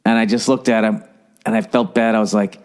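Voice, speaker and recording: A man's voice: on the low side, steady tone, fairly quick. A man hosting a podcast, telling a long, profane anecdote in a casual monologue and mimicking people as he goes. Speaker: podcast host.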